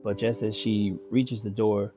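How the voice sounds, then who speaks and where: A man's voice: on the low side, little pitch movement, a little slow, warm tone, faint music behind. A man hosting a gaming channel, reading the story text aloud and breaking in with casual jokes. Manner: reads aloud, breaks off to joke and laugh.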